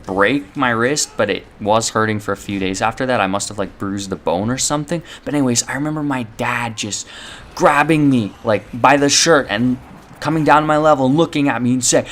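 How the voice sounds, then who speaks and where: A man's voice: medium pitch, a little fast, a bit bright, slight background noise. A young man telling a personal story to his viewers in a loose, rambling way, full of fillers and swearing. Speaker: channel host. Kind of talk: casual storytelling to camera.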